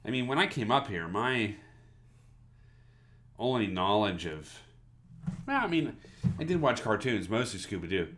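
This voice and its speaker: A low-pitched man co-hosting a casual podcast, his voice rising and falling a lot as he rambles. He is from the American South, swears freely and often trails off to restart a sentence. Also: big pitch swings, a little slow, pauses often, a bit bright. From Southern United States. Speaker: podcast co-host. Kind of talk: casual chat.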